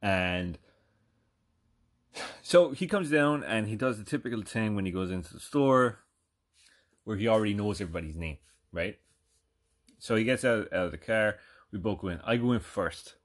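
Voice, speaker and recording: Podcast guy rambling through a sweary story, lowish voice, tons of likes and you knows. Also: expressive, moderate pace, long pauses. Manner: rambling, profane, lots of fillers. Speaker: podcast host. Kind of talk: casual comedic storytelling.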